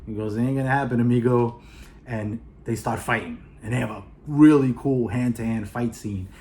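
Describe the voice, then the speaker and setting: A man with a New York accent talks through a movie's plot in a loose, animated way. He pitches up to act out the characters' lines as he goes. His voice sits at an ordinary middle pitch, and faint noise runs behind him. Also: normal speed. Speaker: movie reviewer. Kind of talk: casual plot retelling.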